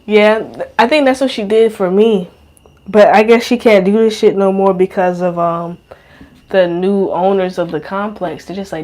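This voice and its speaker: A woman's voice: mid-range voice, moderate pace, darkish tone. A young adult woman hosting a podcast, rambling in a casual monologue, slangy and profane, full of fillers. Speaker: podcast host.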